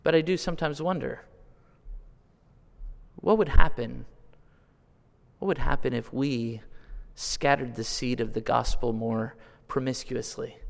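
Preaching man in a reverberant hall. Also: fairly high pitch. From California, US. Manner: shifts from quiet asides to loud, drawn-out appeals; asks the congregation direct questions. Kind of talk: sermon. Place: church sanctuary.

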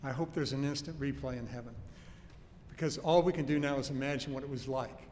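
A man's voice: medium pitch, fairly even intonation, a little mellow. Guy preaching, emphatic and earnest, leans on key words, big echoey hall with a bit of background hiss. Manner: earnest, emphatic, slows down to stress key phrases. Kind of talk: sermon. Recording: faint noise and long hall reverb.

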